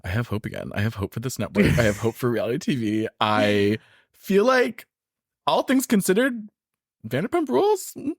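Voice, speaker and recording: A man co-hosting a podcast in casual gossip chat, dramatic and gushing, with quick quips. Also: fairly low pitch, huge pitch swings, no room sound, clean studio sound. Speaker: podcast co-host.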